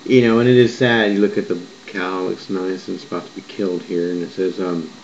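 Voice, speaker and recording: A man's voice: low voice, little pitch movement, brisk, slight background noise. A man recounting a vision in a rambling, digressive monologue, often restarting and correcting himself. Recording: muffled lo-fi recording with faint background ambience.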